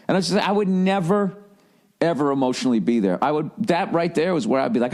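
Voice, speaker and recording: A man's voice: medium pitch, animated, brisk, darkish tone. A man telling a rambling, profane, self-mocking comic rant in a podcast style. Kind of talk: comedic rant.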